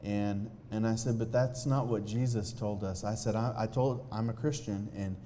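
A man telling a personal testimony to a live audience in an earnest, halting way, often restarting his sentences. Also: on the low side, fairly even intonation, dark tone, slight background noise. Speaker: speaker sharing a personal testimony.

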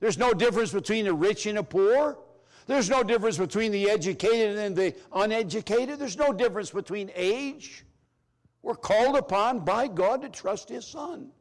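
Emphatic high-voiced male preacher. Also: animated, normal speed. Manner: emphatic, swings from loud to hushed. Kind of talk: sermon.

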